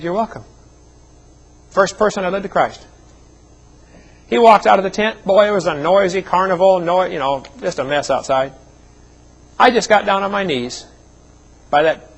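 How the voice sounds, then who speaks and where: A man's voice: high-pitched, poor audio. A middle-aged man preaching a seminar sermon, telling personal stories in a folksy way with joking asides. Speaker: evangelist speaker.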